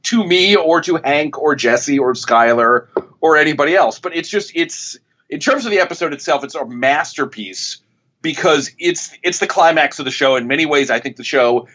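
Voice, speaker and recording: A man's voice: a little high, moderate pace, bright, forceful tone. Rambling male critic, muffled sound. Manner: rambling, with frequent restarts and self-corrections. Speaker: television critic and author. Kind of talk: interview guest, storytelling.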